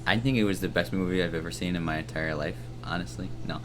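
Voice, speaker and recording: Deep-voiced young man rambling jokingly. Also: fast talker, noisy background. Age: young adult. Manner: rambling, jokey, self-correcting. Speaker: podcast co-host. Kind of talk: casual comedic film chat.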